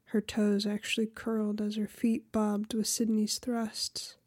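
A woman reading erotic fiction aloud in a soft, often half-whispered voice. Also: mid-range voice, monotone, measured pace, no echo, clean studio sound. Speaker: audiobook narrator. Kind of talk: erotic audiobook narration.

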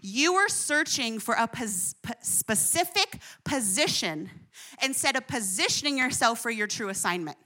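A woman's voice: fairly high pitch, expressive, moderate pace, pushed and bright. A woman preacher voicing the Lord as a firm father figure in a sermon.

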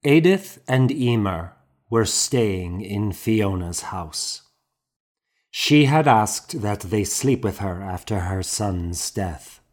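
A man reading a novel aloud as an audiobook narrator, in a measured, gentle way. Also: lowish voice. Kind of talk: scripted narration.

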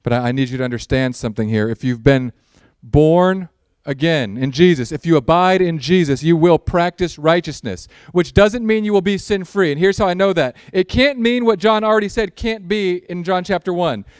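A male pastor preaching a sermon in a church, opening with a prayer, animated with sarcastic asides and acted-out quotes. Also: high-pitched, normal speed, smooth, dry recording, studio quality. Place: church sanctuary.

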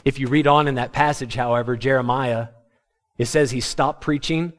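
A man preaching a sermon to his congregation, animated and humorous, acting out the words of biblical figures. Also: medium pitch, moderate pace. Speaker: pastor.

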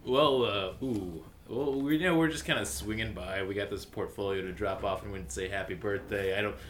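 A man's voice: lowish voice, moderate pace, fairly bright tone. A man playing in a tabletop game, chatting casually and joking playfully. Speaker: player. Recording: echoey room with faint noise.

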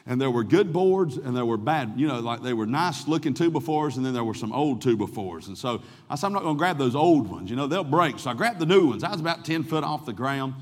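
Animated preacher telling stories. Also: male voice, medium pitch, fast talker, hardly any pauses, long reverb tail. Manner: folksy, animated storytelling, swings from loud to hushed. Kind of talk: sermon with personal stories.

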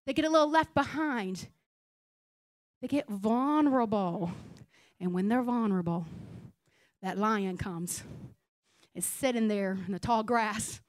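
A young woman pastor preaching a conversational, humorous sermon in a blunt, animated way. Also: mid-range voice, unhurried, long pauses, no room sound. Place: church sanctuary.

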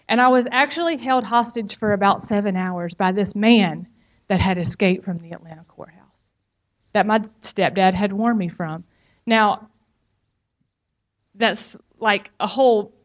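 Frank woman telling her testimony, muffled sound. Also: mid-range voice. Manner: frank, conversational storytelling with emphatic asides to the listener. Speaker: speaker giving a personal testimony. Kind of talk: personal testimony talk.

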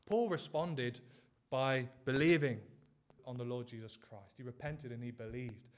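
A man's voice: medium pitch, unhurried. A man preaching a sermon, pressing his listeners with earnest, repeated rhetorical questions.

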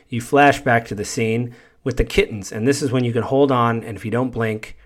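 A man with an average-pitched voice talks through a video game's story as a podcast host. His delivery is loose and conversational, and it meanders from scene to scene. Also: steady tone, moderate pace, fairly bright tone. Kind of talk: casual retelling of a video game story.

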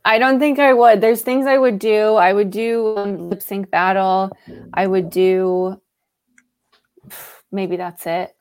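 A woman's voice: medium pitch, steady tone, takes it slowly, clear, resonant tone. A woman co-hosting a casual chat, hesitant at times and chatty.

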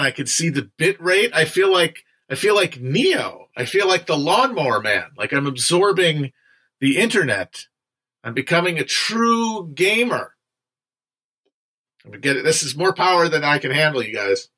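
On a relaxed livestream, a young man talks with his viewers about a history book he's been reading. His slightly high voice rings bright, and his speech is loose and digressive, full of restarts, "uh" fillers and the odd curse word.

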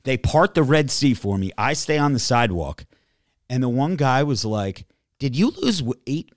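A man rambling through a story in casual podcast talk, cursing freely and restarting his sentences. His voice sits mid-low and sounds dry and close to the mic. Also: lively intonation, normal speed, no room sound. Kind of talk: casual chat.

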